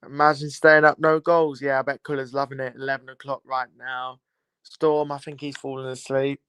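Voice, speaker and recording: Speaking at a moderate pace with little pitch movement, this young livestream host has a medium, fairly bright and smooth voice with no echo. He banters with chat, casually teasing viewers during a live football watchalong.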